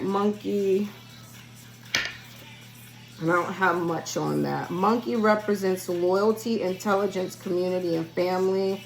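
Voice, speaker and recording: Speaking with vocal fry in a lowish voice, a spiritual reader addresses her viewers directly in a casual solo vlog, rambling chattily through her reading. The recording quality is rough.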